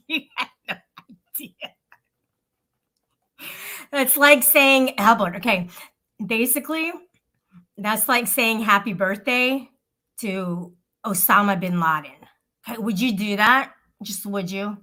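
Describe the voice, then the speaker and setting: A woman's voice: mid-range voice, takes it slowly, long pauses, bright, forceful tone. A woman hosting a casual live stream, teasing her chat, giggling often and swearing freely. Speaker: livestream host.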